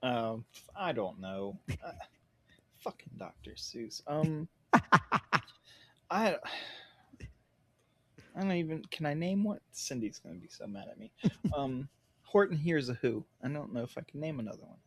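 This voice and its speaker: A man competes in a casual podcast trivia game, blurting out answers and laughing. His voice leaps widely in pitch and sits slightly high. It is recorded dry and close. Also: a little slow, long pauses, no echo. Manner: animated, blurts guesses, swears and laughs. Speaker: trivia contestant.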